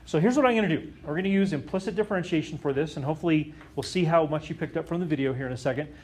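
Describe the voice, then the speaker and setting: A man's voice: on the high side, racing, a little mellow. A man teaching a calculus lesson to a class, often stopping to question the students and check that they follow. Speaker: math teacher.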